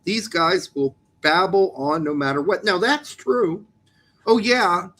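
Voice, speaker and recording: A man's voice: sits high, slow pace, pushed and bright. A man co-hosting a soccer podcast in a casual, joking chat, teasing his co-host about pronunciations.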